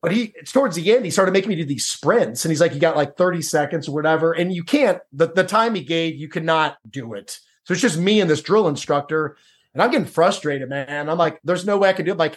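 A man's voice: a little high, a little fast. A middle-aged man telling a personal story as a podcast guest, casual and repetitive, often saying "like" and "dude.". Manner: casual, repeats words, says "dude" and "like". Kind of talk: storytelling interview.

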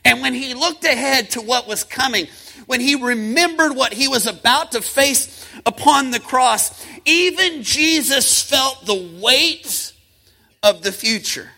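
High, bright-voiced male preacher. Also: gravelly, low-quality recording. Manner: impassioned, rhythmic preaching with repetition and calls to the congregation; swings from quick talk to slow, drawn-out emphasis. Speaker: pastor. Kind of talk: sermon.

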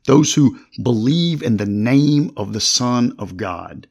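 A man's voice: mid-range voice, lively intonation, slow, creaky, a little mellow, slightly rough. A man hosting a podcast who explains Bible verses step by step, citing chapter and verse as he reads them aloud. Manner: reads scripture aloud with references. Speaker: podcast host, Bible teacher.

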